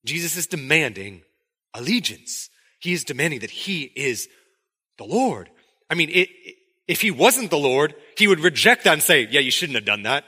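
Speaking at a moderate pace, this male pastor has a slightly high, husky voice. He delivers his sermon in a lively, conversational way, performing the story's quotes along the way.

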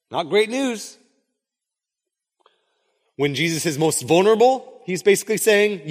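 A man preaching a conversational sermon, full of casual asides and rhetorical questions. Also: a little high. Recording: long hall reverb.

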